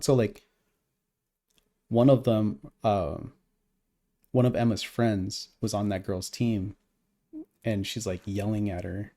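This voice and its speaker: A man's voice: fairly low pitch, fairly even intonation, slow pace, pauses often, dark tone. A man co-hosting a podcast, telling a heated story in casual, profane chat. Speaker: podcast co-host.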